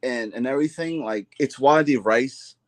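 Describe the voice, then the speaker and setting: A man's voice: medium pitch, moderate pace. A man co-hosting a casual sports chat, hyped and rambling, calling people bro and dude.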